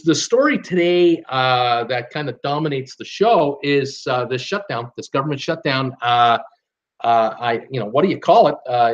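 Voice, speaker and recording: A man's voice: medium pitch, muffled recording. A man from Canada hosting a live stream in a rambling, chatty way, full of "uh"s and restarts. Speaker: host of a live cruise channel. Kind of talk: casual live-stream chat.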